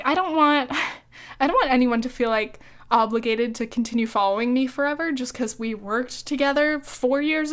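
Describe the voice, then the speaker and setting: A woman's voice: high voice, a bit bright. A young woman hosting a solo podcast, rambling casually with lots of fillers, cursing freely and laughing as she talks, hiccuping now and then. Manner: chatty, profane, laughs often, filler-heavy. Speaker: podcast host.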